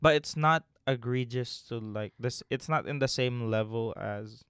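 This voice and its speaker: A man's voice: medium pitch, a little slow, fairly bright tone, clean tone, no room sound, clean studio sound. A young man from the Philippines with a slight Filipino accent, co-hosting a casual podcast chat, joking and swearing freely. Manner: joking, swearing, laughs often. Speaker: podcast co-host.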